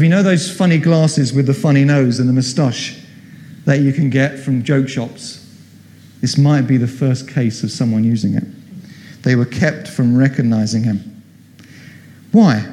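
In a church hall full of long reverb, a middle-aged man preaches a sermon in a slightly raised voice that is a little high and warm. He tells the story with animation, slipping into the voices of the people he quotes.

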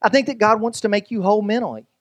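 High-voiced joking male pastor. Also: racing, no room sound. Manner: conversational, joking, many restarts. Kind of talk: sermon.

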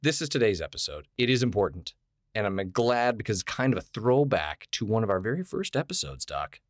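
Playful rambling man, lively voice. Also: on the low side, a little fast, no echo, studio quality. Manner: playful, self-mocking, rambling. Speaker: podcast co-host. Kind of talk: casual banter.

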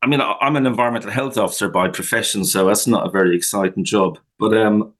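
A man speaking as a guest on a talk radio show, friendly and chuckling, with halting restarts. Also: on the low side, rough recording. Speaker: guest, campaign founder. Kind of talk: radio interview.

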